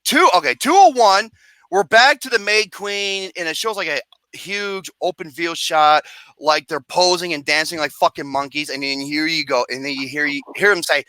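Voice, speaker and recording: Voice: medium pitch, normal speed, sharp tone, no echo. A film reviewer ranting profanely and acting out scenes with mock wails and singing.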